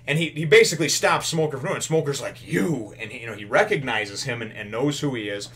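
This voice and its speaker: A man's voice: mid-range voice, animated, fast talker, fairly bright tone. A man casually retelling a comic chapter, rambling with many fillers and quoting the characters in a raised voice. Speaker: comics reviewer.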